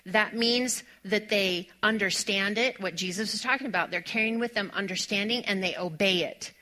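A woman pastor preaching a sermon in a church, telling a personal story in an animated way. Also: mid-range voice. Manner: animated storytelling, laughing often, fast-talking asides. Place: church sanctuary.

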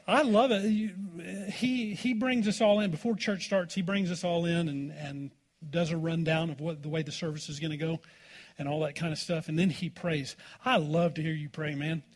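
A man's voice: on the high side, steady tone, moderate pace. A man pastor preaching a sermon in a church, in a folksy, informal way and calling out for "amen" from the congregation.

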